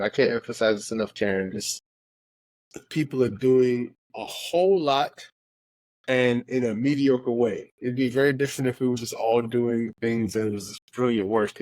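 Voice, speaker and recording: A man co-hosting a casual podcast conversation, emphatic and quick to laugh, often repeating words as he builds a point. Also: medium pitch, a little mellow, dry recording. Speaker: podcast co-host.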